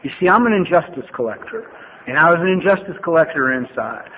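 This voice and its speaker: An older man telling his own recovery story at a meeting, blunt and profane, with wry humor and animated bursts. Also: a little high, quick pace. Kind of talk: personal testimony talk with storytelling. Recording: phone-like lo-fi archival tape with faint hiss.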